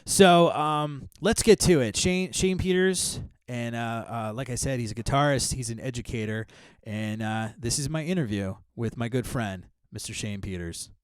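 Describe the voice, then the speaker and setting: A man hosting a casual podcast chat over a remote call, animated, laughing often and using many fillers. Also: medium pitch, normal speed, smooth, dry recording. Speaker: podcast host.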